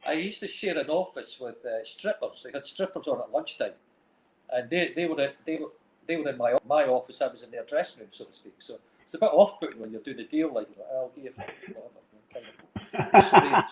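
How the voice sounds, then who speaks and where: A man's voice: medium pitch, animated, fairly quick. A middle-aged Scottish man with a Dundee accent, rambling through stories as an interview guest, full of "like, you know". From Scotland. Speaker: guest, film director and music manager. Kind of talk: casual chat. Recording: roomy echo.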